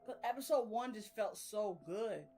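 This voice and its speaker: A woman's voice: medium pitch, normal speed, dark tone, soft background music. A young woman chatting casually about her reading. She rambles, uses slang and laughs often. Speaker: reading vlogger. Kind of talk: casual chat.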